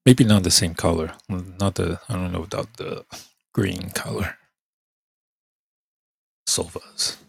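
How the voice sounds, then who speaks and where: A podcast host, a man with a congested, hoarse voice, rambling in casual chat, halting and trailing off as he thinks aloud. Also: deep voice, fairly even intonation, no echo, studio quality.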